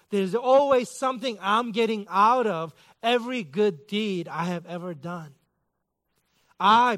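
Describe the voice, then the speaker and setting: A man's voice: high voice, fairly bright tone. A man in his thirties preaching a sermon as pastor, telling a self-mocking story with playful mock outrage.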